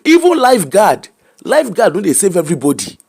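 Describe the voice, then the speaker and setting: A man's voice: high-pitched, wildly swooping pitch, fast talker, creaky, a little mellow, breathy edge. A middle-aged Nigerian man with a Nigerian accent, hosting an emphatic, preacher-like commentary that mixes Pidgin and English. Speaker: host.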